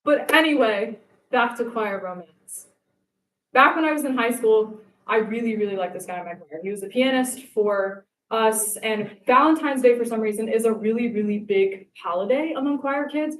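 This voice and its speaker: A young woman performs stand-up on a live stage, her voice pitched a little high and bouncing around an echoey room. She tells her stories in an animated way and acts out the lines she quotes. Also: brisk. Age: young adult. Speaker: stand-up comedian. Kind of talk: stand-up comedy set. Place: live comedy show stage.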